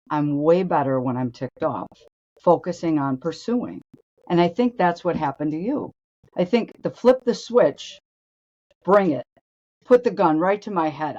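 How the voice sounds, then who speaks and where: A woman's voice: deep voice, darkish tone, muffled recording. An older woman co-hosting a show, telling blunt, brash stories and acting out the voices of people in them. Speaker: co-host and former tour golfer. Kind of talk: animated storytelling.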